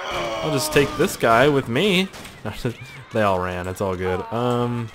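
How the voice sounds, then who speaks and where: A man giving excitable, crude let's-play commentary, swearing a lot and joking to himself. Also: mid-range voice, slow pace, background noise. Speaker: gaming video host.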